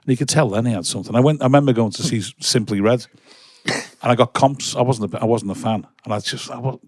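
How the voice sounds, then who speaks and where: A man's voice: medium pitch, fast, no room sound, studio quality. A man hosting a podcast, chatting eagerly with his guest and often restarting his sentences. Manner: enthusiastic, chatty, frequent restarts. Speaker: podcast host. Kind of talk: casual interview. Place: studio.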